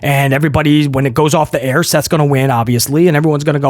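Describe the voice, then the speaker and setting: A man's voice: fairly high pitch, fairly even intonation, very fast, hardly any pauses, no room sound, clean studio sound. A man hosting a wrestling commentary show, ranting sarcastically and swearing freely. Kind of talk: opinionated wrestling rant.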